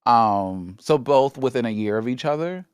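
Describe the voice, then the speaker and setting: A man's voice: medium pitch, animated, normal speed, clean tone, no room sound, clean studio sound. A man co-hosting a podcast, chatting casually and telling stories with easy laughs. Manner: laid-back, storytelling, laughs often. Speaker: podcast co-host. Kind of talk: casual chat. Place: studio.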